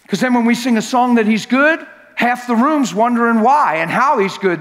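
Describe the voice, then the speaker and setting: A man with a high voice preaches a sermon in a church sanctuary. He tells stories with a lot of repetition and swings from quiet asides to loud shouts. His voice trails off into a long, echoing hall reverb. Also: moderate pace, few pauses. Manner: animated, repetitive storytelling that swells to shouting.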